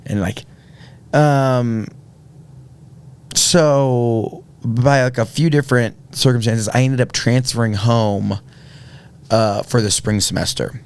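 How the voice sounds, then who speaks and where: A man's voice: medium pitch, slow pace, pauses often, darkish tone, clean tone. A man, telling a personal story earnestly on a podcast, with many fillers and restarts. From Indiana, USA. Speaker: podcast guest. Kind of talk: casual storytelling.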